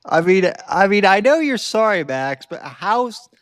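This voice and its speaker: A man hosting a podcast, teasing his co-host in dry, halting casual banter. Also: high voice, big pitch swings, a bit bright.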